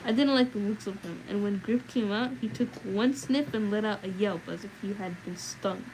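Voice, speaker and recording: Stubborn hobbit farmer, plain country storyteller, woman reading the part, mid-pitched, storybook read-aloud. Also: normal speed, darkish tone, a little hiss or hum, natural voice, low-quality recording. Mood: wary. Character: stubborn middle-aged male hobbit farmer.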